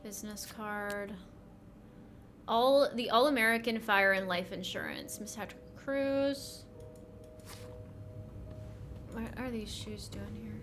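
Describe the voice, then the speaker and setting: A woman's voice: mid-range voice, slow pace, pauses often, fairly bright tone, faint music behind. A woman streaming a game, reading its text aloud with wry asides and the occasional whisper.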